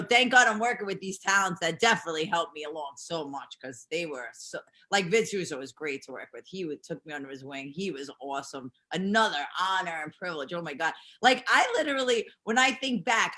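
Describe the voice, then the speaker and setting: A woman who is a pro wrestler chats as a guest in a casual interview, bubbly and rambling and laughing often. Her voice is on the low side, bright, and forceful.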